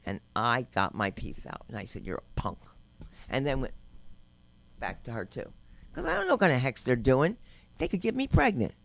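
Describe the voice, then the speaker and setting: A woman's voice: rumbling low, sing-song, normal speed, gravelly, pauses often. An older woman doing open-mic stand-up, telling brash, rambling stories and acting out quotes. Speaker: stand-up comedian. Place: comedy club stage.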